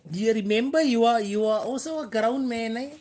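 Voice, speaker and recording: A woman's voice: fairly high pitch, brisk, a little mellow. A woman with a Cape Coloured South African accent hosting a casual live stream, repeating phrases for emphasis and switching between English and Afrikaans.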